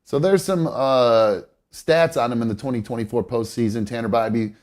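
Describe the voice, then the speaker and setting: Sounding congested, the host speaks at a normal pace in a medium, slightly dark voice. He's casually discussing baseball on a live show, meandering through fillers, restarts, and self-corrections.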